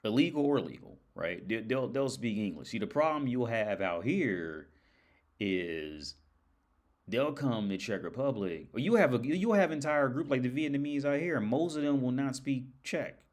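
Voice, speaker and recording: A man's voice: medium pitch, expressive, moderate pace. A man hosting a livestream, telling rambling stories in a casual, profane way and laughing often, tired. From United States. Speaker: livestream host. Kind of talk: casual storytelling monologue.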